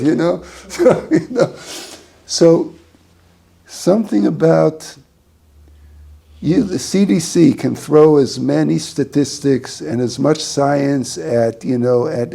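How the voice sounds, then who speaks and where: A man's voice: a little high, vocal fry, mellow. A man, a rabbi, giving an informal talk to a small group, rambling through a story with many restarts.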